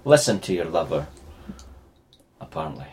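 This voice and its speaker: A man's voice: very deep voice, sing-song, normal speed, darkish tone, slightly rough. A man, chatting casually as a podcast co-host about a film, sweary and jokey. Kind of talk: casual chat reviewing a film.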